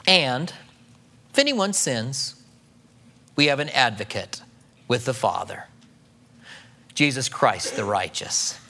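Middle-aged pastor guy, high bright voice, chatty sermon. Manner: conversational preaching, acts out quoted voices.

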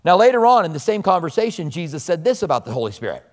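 A man's voice: on the high side, sing-song, fast. Man preaching in a reverberant hall. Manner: conversational preaching with personal stories. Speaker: pastor. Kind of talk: sermon. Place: church service before a congregation.

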